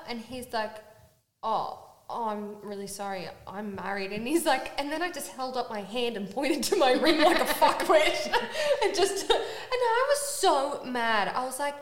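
A young Australian woman co-hosting a podcast, telling a story in an animated way with swearing and laughter. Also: high-pitched, moderate pace. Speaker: podcast co-host. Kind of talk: casual chat. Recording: echoey room.

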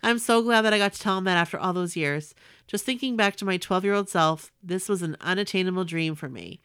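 Smooth low-voiced woman in her forties. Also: fairly quick, fairly bright tone, dry recording, clean studio sound. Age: 40s. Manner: earnest, emotional storytelling. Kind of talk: reading a personal letter aloud.

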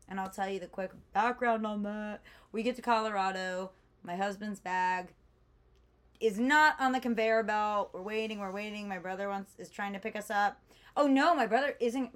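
Chatty young woman telling a travel story. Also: mid-range voice. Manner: chatty storyteller, animated with many fillers. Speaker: podcast co-host. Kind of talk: casual chat.

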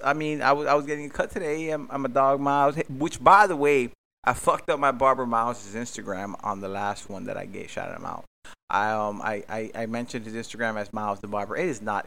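A young man from South Florida hosts his own podcast alone, chatting casually. He swears freely and breaks into loud bursts of hype between easygoing stretches. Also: mid-range voice. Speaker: podcast host. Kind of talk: casual solo podcast chat.

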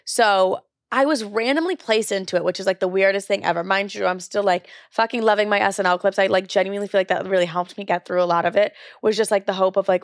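A woman's voice: medium pitch, fast, hardly any pauses, dry recording, clean studio sound. A young woman hosting a podcast, telling her own story in a candid, chatty way, swearing freely and acting out what people said to her. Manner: chatty, profane, animated quoting of others. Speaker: podcast host.

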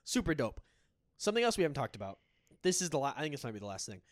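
Racing along and very animated, this medium-pitched man co-hosts a horror film podcast, chatting casually with plenty of enthusiasm and free swearing. The sound is clean studio quality with no echo.

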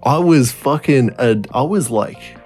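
A man's voice: medium pitch, animated, unhurried, a little mellow, soft background music. Rambling, swearing young man. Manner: rambling, swears a lot, laughs through his story. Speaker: podcast co-host. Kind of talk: casual storytelling chat.

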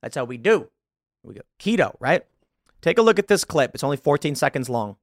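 A man delivers a commentary monologue with a lively, swooping voice that sits a bit high. He rambles and fills gaps with "uh" and "like". The sound is close and dry, with no room. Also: brisk, no echo. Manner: animated, rambling, with many fillers. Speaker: show host.

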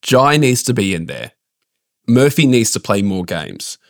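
A man talks through cricket selections in an opinionated, ranting way. His voice sits fairly low, and it is recorded dry and close with almost no room sound. He sounds like a casual podcast co-host. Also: very animated, measured pace, gravelly, dry recording.

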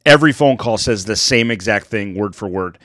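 A man's voice: lowish voice, brisk, a bit bright, no echo, studio quality. A man from the United States co-hosting a podcast, telling stories in casual, profane, sarcastic chat. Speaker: podcast co-host.

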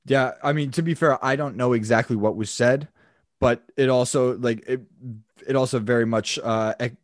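A man's voice: mid-range voice, fairly even intonation, normal speed, dry recording, clean studio sound. A man co-hosting a casual football podcast, chatty and rambling, with frequent restarts. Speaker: podcast co-host.

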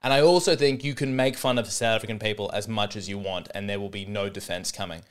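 A man's voice: on the low side, fast, clear, resonant tone. An Australian man hosting a comedy podcast, talking in a rambling, sarcastic, self-mocking monologue.

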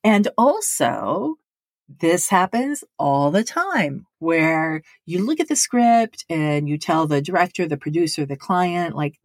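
A woman's voice: deep voice, slow, dry recording, studio quality. A woman who works as a voice actor, telling stories casually and acting out other people's lines. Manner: animated, acts out other people's lines in quotes. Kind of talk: casual storytelling to camera.

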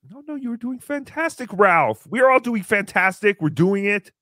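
A man doing a squeaky crude turkey puppet. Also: big pitch swings, moderate pace, bright, forceful tone, dry recording, clean studio sound, heavily acted. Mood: excited. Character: brash male turkey puppet, crude and excitable. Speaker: host. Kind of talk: live comedy stream banter.

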